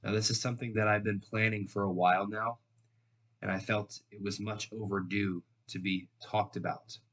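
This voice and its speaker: Low-voiced nasal man teaching trading. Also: level tone, moderate pace, a bit bright. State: nasal voice from recent illness. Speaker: trading educator. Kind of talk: direct-to-camera trading lesson.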